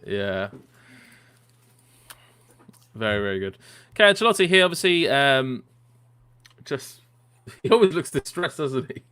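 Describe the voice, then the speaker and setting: A man's voice: medium pitch, expressive, measured pace, long pauses, sharp tone, smooth. A man co-hosting a live football watchalong, reading viewer comments aloud and laughing often between remarks. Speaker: watchalong co-host. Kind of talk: casual live match chat.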